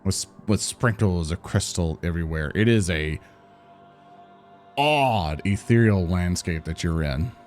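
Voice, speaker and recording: A man running a tabletop game as game master, describing the scene slowly. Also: animated, darkish tone, soft background music. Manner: slow, descriptive, wide pitch swings.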